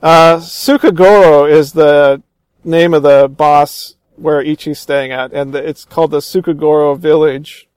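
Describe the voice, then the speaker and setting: A man's voice: fairly high pitch, fairly even intonation, measured pace, clear, resonant tone, no echo. A man chatting casually about a film he loves, eagerly retelling scenes, with many restarts. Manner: enthusiastic retelling, acts out quoted lines; frequent restarts and fillers.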